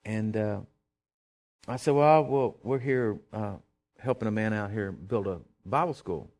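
Folksy pastor telling a story. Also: male voice, on the low side, normal speed. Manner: folksy storytelling, animated quotes. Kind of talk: sermon with personal story.

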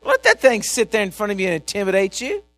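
A man preaching a sermon, animated and repetitive, swinging from shouts to quiet asides. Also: high-pitched, fast talker, dry recording. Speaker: pastor.

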